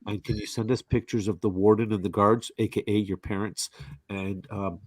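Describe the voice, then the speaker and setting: A man hosting a podcast livestream, teasing his guest and steering the jokes in casual, animated banter. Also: on the low side, normal speed, no echo. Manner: teasing, animated, directs the joke. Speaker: podcast host.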